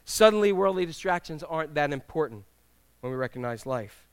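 A middle-aged male pastor preaching a sermon in a church, telling humorous stories with animated, acted-out quotes. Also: on the high side, a little fast, clean tone, no room sound. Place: church sanctuary with congregation.

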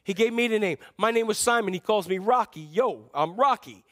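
A man voicing a brash, boastful male fisherman disciple in a loud, swaggering way. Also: sits high, lively intonation, fairly quick.

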